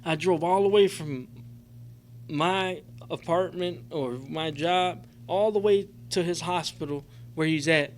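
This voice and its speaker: Middle-aged man, slightly high voice, emotional testimony, profane, rambling, "man" and "you know" fillers. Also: measured pace, a little hiss or hum. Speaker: recovery convention speaker. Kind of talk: personal testimony to a group. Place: convention meeting room.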